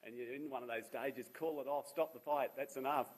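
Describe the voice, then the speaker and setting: On a low-quality recording, a man in his fifties with an Australian accent speaks a little fast in a medium-pitched, slightly breathy voice with fairly even intonation. He founded a charity and is giving a seminar talk, telling personal anecdotes with humour aimed at himself.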